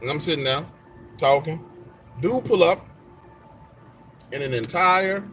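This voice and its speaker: A man's voice: a little high, unhurried, fairly bright tone, a little hiss or hum. A man in casual live-stream chat, trash-talking viewers and telling stories in loose slang.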